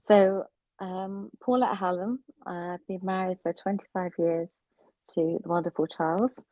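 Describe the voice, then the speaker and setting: Relaxed middle-aged woman, low and dry. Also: measured pace, dry recording. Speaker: guest. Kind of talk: casual chat.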